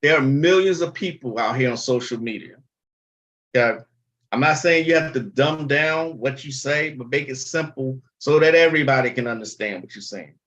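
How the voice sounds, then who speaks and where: A man's voice: mid-range voice, moderate pace, fairly bright tone. A man hosting a casual livestream, talking bluntly and chattily and swearing freely. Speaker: livestream host.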